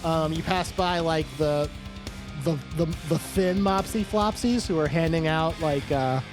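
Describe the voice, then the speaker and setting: A man's voice: fairly high pitch, unhurried, music in the background. A man narrating as game master of a tabletop game, rambling with lots of fillers and laughs.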